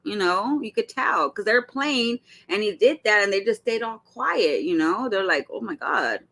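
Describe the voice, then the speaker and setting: A woman hosting casual reaction commentary, talking straight to her viewers in a blunt, animated way and swearing freely. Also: medium pitch, moderate pace. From Arizona. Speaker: commentary host.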